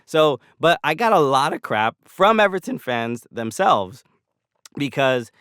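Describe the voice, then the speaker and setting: A man's voice: on the high side, very animated, measured pace, fairly bright tone, smooth, no echo, studio quality. An American man, a comedian and podcast guest, talking in a rambling casual way with lots of restarts and fillers. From United States.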